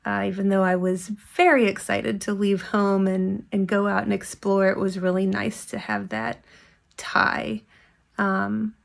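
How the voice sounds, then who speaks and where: Young adult woman, slow and gravelly, sincere tribute message. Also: mid-range voice. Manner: slow, heartfelt, with pauses and fillers. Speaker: family friend giving a tribute. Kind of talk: recorded video message.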